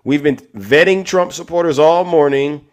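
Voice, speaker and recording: A man with a slightly high voice and a moderate pace hosts a live stream, clashing combatively with callers. He also speaks to his chat and audience.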